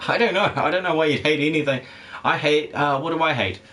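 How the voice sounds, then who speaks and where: A man's voice: on the high side, fast, a bit bright. A man with a condescending-sounding tone, rambling casually and swearing while live-streaming a game and reading out chat. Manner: rambling, laid-back, swears freely, laughs often. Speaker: livestreaming gamer.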